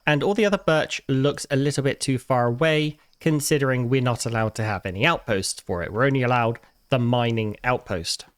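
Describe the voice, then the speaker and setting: A man talks through his gameplay in a loose, conversational way, as a regular host would. He chats directly to the game's characters and now and then leaps into high, indignant outbursts before settling back down. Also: a little fast, hardly any pauses, clean tone, dry recording. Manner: chatty, talks to game characters, mock outrage in sudden high bursts. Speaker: gaming YouTuber. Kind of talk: casual gameplay commentary.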